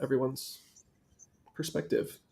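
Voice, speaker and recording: A man hosting a casual livestream interview, relaxed and brief in his remarks. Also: a little slow. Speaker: host.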